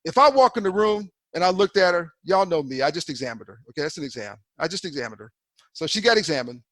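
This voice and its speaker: A man's voice: fairly high pitch, big pitch swings, fast talker, fairly bright tone, no room sound. A man giving a folksy, conversational continuing-education lecture to eye doctors, often repeating himself.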